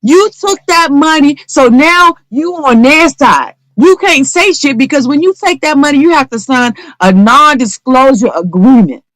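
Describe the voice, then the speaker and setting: A woman's voice: high voice, animated, normal speed, hardly any pauses, fairly bright tone, no room sound, rough recording. A woman venting in a live audio discussion, heated and profane, repeating phrases for emphasis. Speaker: audience member in a live audio room. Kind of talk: impassioned call-in venting.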